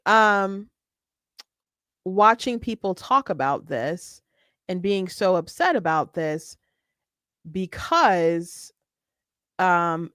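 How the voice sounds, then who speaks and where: A woman hosting her own show, giving casual political commentary in a chatty, animated way with frequent restarts. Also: mid-range voice, no echo, clean studio sound.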